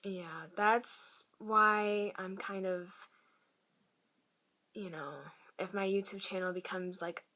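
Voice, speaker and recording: A woman vlogger telling a personal story to camera in a halting, hushed way, often dropping to a whisper. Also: medium pitch, steady tone. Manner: many fillers and restarts.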